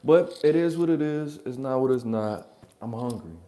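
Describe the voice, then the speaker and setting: A man's voice: mid-range voice, normal speed, mellow. A man hosting a reaction channel, rambling through blunt, profane, joking advice in a casual monologue from his apartment.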